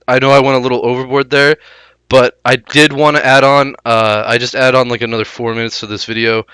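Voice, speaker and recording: A man's voice: medium pitch, flat delivery, fairly quick, bright, forceful tone, clear, resonant tone, no room sound. Sarcastic offhand man, dry sound. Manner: sarcastic, offhand, self-deprecating. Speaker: gaming video host. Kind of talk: casual commentary.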